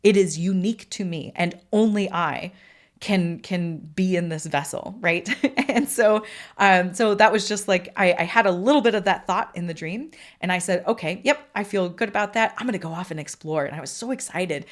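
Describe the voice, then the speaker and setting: A young woman hosting a podcast, telling a long story in a chatty, rambling way with many restarts, putting on a high bubbly voice for quoted lines. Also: normal speed. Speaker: podcast host. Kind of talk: storytelling monologue.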